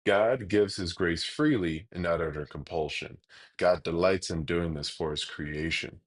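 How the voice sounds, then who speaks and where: Low-voiced man giving a casual Bible lesson. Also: a little slow. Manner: relaxed and explanatory, with frequent hesitations. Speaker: online Bible teacher. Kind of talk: casual teaching monologue.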